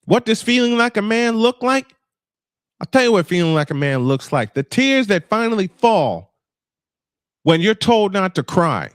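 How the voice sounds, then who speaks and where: With a high, fairly bright voice, this man in his fifties vents on a camera-off livestream, frustrated and angry, swearing and repeating himself for emphasis in an emotional personal monologue. The sound is clean studio audio with no room sound.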